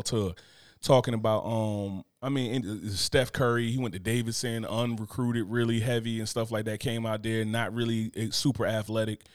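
A podcast co-host chats casually, telling stories in a laid-back, slangy manner. His voice is on the low side, clear and resonant, recorded at studio quality with no echo.

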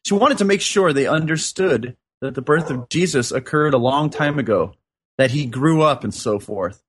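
Male podcast co-host, slightly higher voice, earnest reader. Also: animated, moderate pace, fairly bright tone. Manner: earnest, reads passages and jokes aloud. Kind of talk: casual chat, reading aloud.

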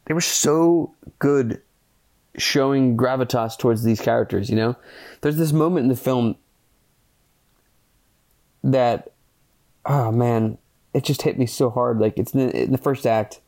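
A man hosting a podcast reviews a film in casual solo chat, rambling with heaps of fillers and casual swearing, earnest and excitable throughout. His medium-pitched voice is a little slow and creaky, with long pauses.

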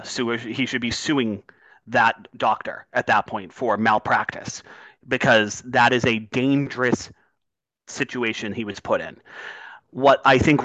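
A man's voice: fairly low pitch, fairly bright tone, dry recording, low-quality recording. A man talking sports on a podcast, building up heat and swearing when he gets worked up. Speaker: podcast co-host. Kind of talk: casual sports talk.

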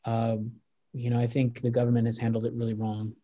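A man's voice: medium pitch, monotone, a little fast, mellow, lo-fi sound, a little hiss or hum. A man in his twenties telling party stories in casual chat, rambling with lots of restarts and swearing. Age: 20s. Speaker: guest.

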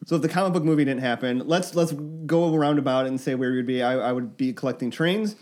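A man's voice: mid-range voice, fast talker, darkish tone. A man chatting casually as a podcast co-host, telling stories and laughing easily. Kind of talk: casual chat.

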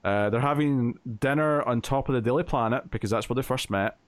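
A man of middling pitch chats through a comic book story as a podcast co-host, stringing the plot together with "uh" and "like" and acting out quoted lines in passing. His voice sits close and dry on the mic, with no room sound around it. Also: a little fast, dry recording. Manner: chatty, retelling plot with quoted lines and filler. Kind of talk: casual comic book review chat.

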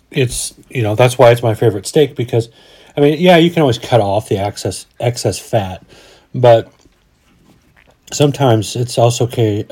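Mellow-voiced man in his forties. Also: mid-range voice, husky. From Colorado, USA. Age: 40s. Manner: rambling, restarts often, folksy. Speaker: podcast host. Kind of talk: casual chat.

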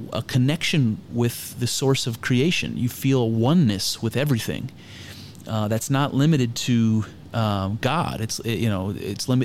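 Man, casual commentary, irreverent, swears, thinks aloud with fillers, middle pitch. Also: a little mellow, slight background noise. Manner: irreverent, frank and conversational, swears freely. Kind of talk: casual spoken commentary on scripture.

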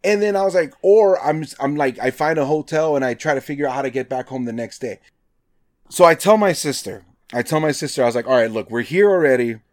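Telling a story in a casual chat, this Nevada man swears freely and acts out what people said, filling his speech with "like." His pitch is fairly high and his pace is brisk and animated.

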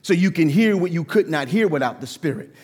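A man preaching a sermon as pastor, animated and acting out quoted voices in a church sanctuary. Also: a little high, a little fast, breathy edge, long reverb tail.

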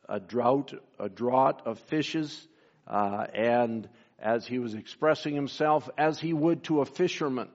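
A man preaching a sermon, pausing often with fillers and reading scripture in old-style wording. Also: medium pitch, dull audio. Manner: slow, halting delivery with many fillers, reads scripture in King James wording. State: briefly emotional. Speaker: pastor.

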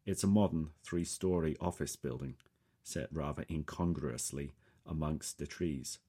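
Man, extremely deep voice, husky tone, calm audiobook narration. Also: unhurried. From England. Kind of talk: scripted first-person narration.

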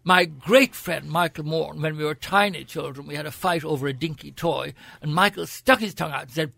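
Older Irish gent with a grand upper-class accent, gravelly and bright, wry raconteur, dry studio sound. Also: male voice, a little high, brisk, hardly any pauses, no echo. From Ireland. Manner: theatrical, wry storyteller. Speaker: guest, senator. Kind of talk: frank anecdotal interview. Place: radio studio.

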